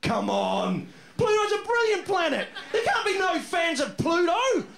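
A man doing a stand-up comedy set on a club stage, loud and excitable, swearing freely and working the crowd. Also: very high voice, measured pace, creaky. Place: comedy club stage in front of a live audience. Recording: roomy club sound with crowd laughter.

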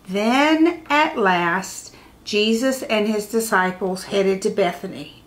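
A woman reading a picture book aloud to children, expressive, with dramatic pauses. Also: mid-range voice. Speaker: children's storyteller.

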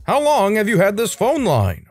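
A man's voice: high-pitched, wildly swooping pitch, normal speed, a little mellow, husky, faint music behind, voice pushed up, exaggerated voice. A man voicing a male debt-collector phone operator who keeps repeating the same polite lines. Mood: dogged. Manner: repetitive, scripted phone politeness.

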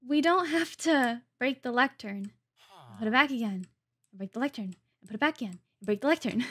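A woman's voice: fairly high pitch, fairly bright tone. A woman hosting a let's play, chatting playfully through her gameplay and laughing often. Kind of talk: casual gameplay commentary.

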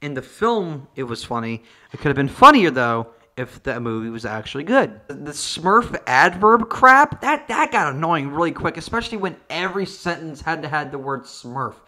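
A video reviewer ranting about a movie with exasperated, profane comic energy, sometimes jumping into high-pitched outbursts. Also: big pitch swings, normal speed, hardly any pauses, sharp tone. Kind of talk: comedic movie review rant.

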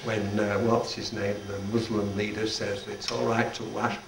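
A retired Salvation Army general, an older man, leads devotions for a band at practice, giving an informal, humorous talk with chuckling asides. His voice is gravelly and fairly low, with a level tone and moderate pace. The room recording is echoey, distant and noisy.

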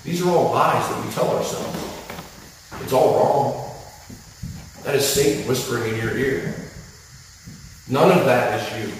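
An earnest middle-aged man preaches a sermon in a mid-range voice. He talks plainly and stacks phrases into loud, rhythmic lists. The sound comes from far back in a long, echoing hall. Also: medium pitch, measured pace, pauses often. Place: church hall. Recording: echoey hall from far off, faint noise.

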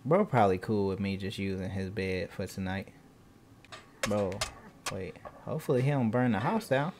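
A young man hosting a gaming channel, giving casual let's-play commentary in loose slang with bursts of loud excited shouting. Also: fairly low pitch, normal speed, noisy background.

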